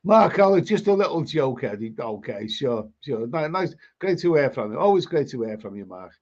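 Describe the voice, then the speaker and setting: A man's voice: mid-range voice, very animated, fairly quick, darkish tone. Rambling man with a dull lo-fi sound. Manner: rambling, repeats words and restarts sentences. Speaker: live stream host. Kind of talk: casual live stream chat reading viewer comments.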